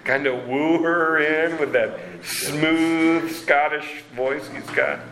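A man preaching a sermon as pastor, slow and deliberate, reading scripture with dramatic emphasis. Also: a little high, fairly even intonation, crowd noise. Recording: roomy echo.

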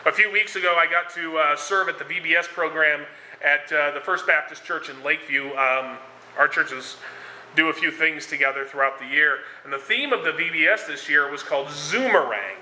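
A man preaches in a relaxed, conversational way, often pausing on fillers and restarting his sentences. His voice sits a little high and rings very bright and sharp. The room around him is echoey, with faint ambient noise. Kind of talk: sermon.

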